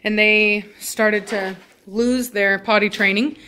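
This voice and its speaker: A woman's voice: medium pitch, steady tone, slow, sharp tone, a little hiss or hum. A woman talking casually to her viewers at home while sitting with her dogs, rambling with many fillers and turning firm when she scolds the dogs. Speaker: dog breeder vlogger. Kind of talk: casual home video update.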